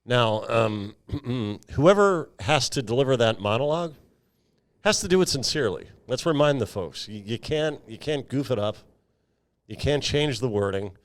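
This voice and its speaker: A man co-hosting a podcast in casual chat, speaking in a measured, wry way and pausing to search for words. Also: mid-range voice, expressive. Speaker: podcast co-host.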